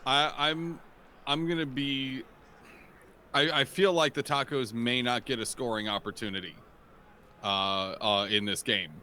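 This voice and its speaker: A man's voice: medium pitch, fairly even intonation, a little slow, pushed and bright, slight background noise. A young man giving color commentary on a game, thoughtful and hesitant, often restarting his sentences. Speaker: color analyst.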